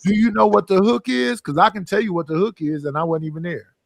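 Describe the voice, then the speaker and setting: A man's voice: sits high, fast talker, vocal fry, no room sound. A man hosting a casual online panel, joking and cutting in with slangy banter. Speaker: stream panel host.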